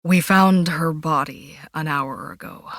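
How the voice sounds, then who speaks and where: A woman reads a calm male detective with a low, firm voice, measured and probing. The reading is close and dry, with no room sound. His polite questions carry a sharp edge. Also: no room sound.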